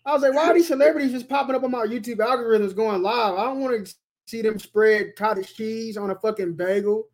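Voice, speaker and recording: A man in casual chat who fires off quick, profane rants. His voice sits very high for a man.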